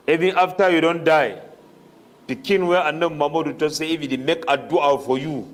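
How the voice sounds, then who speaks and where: In Cameroonian Pidgin English, a mid-range male voice gives a Ramadan tafseer sermon. Between his explanations he rapidly chants Arabic verses.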